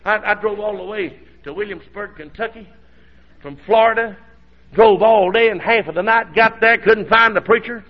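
A man's voice: high voice, moderate pace. A middle-aged man with a sore throat, preaching a folksy storytelling sermon that swells into hollering. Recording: dull lo-fi recording.

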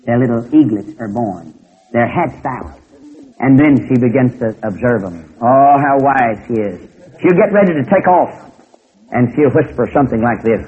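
A preacher tells a folksy story in a lively, repeating rhythm. His voice sits in an ordinary middle pitch. The sound is thin and narrow, like a phone line. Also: normal speed, slightly rough. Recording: tinny phone-like recording.

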